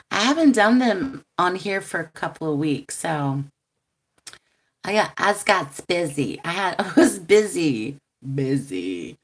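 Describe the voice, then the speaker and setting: A woman chats on a live stream. She talks unhurriedly in a lowish voice, rambling with ums and laughing often. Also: vocal fry. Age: 40s. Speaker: tarot reader hosting a live stream. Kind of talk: casual rambling livestream chat.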